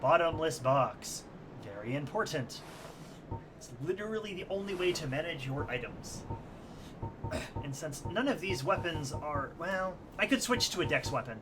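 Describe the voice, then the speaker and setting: A woman's voice: sits low, very animated, normal speed, a crowd in the background. A woman streamer giving rambling, self-deprecating commentary while she plays a game, laughing often. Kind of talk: casual let's-play commentary.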